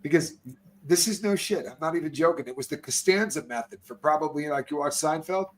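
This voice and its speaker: A man's voice: fairly high pitch, brisk, a little hiss or hum. A middle-aged man telling prison stories in a casual chat, acting out other people's lines as he goes. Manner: animated storyteller, acts out other people's lines. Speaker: podcast guest.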